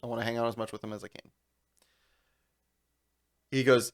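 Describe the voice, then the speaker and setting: A young man co-hosting a podcast, telling a long story in casual chat, animated and laughing as he goes. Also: mid-range voice, brisk, creaky, pauses often. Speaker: podcast co-host.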